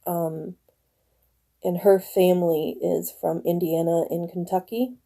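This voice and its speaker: Chatty mellow-voiced woman in her forties. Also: lowish voice, flat delivery, vocal fry. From northern Michigan. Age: 40s. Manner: chatty, rambling, quick to laugh. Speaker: live-stream host. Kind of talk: casual chat with viewers. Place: at home.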